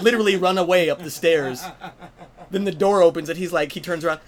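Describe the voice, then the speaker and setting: A man's voice: high voice, quick pace, heavy background noise. A man talking as a guest in a casual podcast conversation, telling stories and acting out the quotes. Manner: animated storyteller who acts out quotes.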